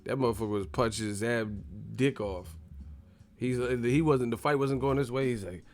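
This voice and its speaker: A man hosting a boxing live stream, ranting in an animated, profane, laughing way. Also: medium pitch, normal speed.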